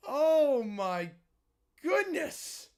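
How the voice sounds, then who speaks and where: High, lively man yelling at a game. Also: extremely slow. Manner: excitable, yells at the screen, then chats with viewers. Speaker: streamer doing live play-by-play. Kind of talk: live play-by-play and reaction stream.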